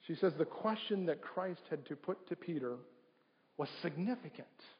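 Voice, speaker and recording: A man's voice: on the high side, expressive, normal speed. A man preaching a sermon as a pastor, often putting questions to his congregation. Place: church sanctuary. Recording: dull livestream audio in a reverberant church.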